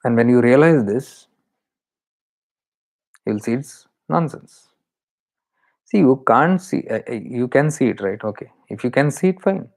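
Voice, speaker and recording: A man's voice: medium pitch, expressive, a little slow, long pauses, darkish tone. A man with an Indian accent, a spiritual teacher explaining awareness in an earnest, repetitive way. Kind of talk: spiritual talk.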